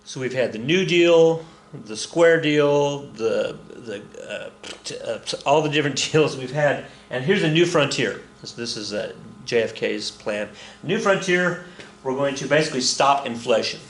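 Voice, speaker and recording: A man's voice: medium pitch, animated, measured pace, reverberant, slight background noise. A man in his fifties teaching a casual history lesson, chatty and joking, with frequent self-corrections.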